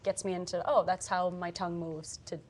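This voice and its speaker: Chatty actress, full of fillers. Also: female voice, fairly low pitch, little pitch movement, a little mellow. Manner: filler-heavy, halting. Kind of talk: casual chat. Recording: live stream chat.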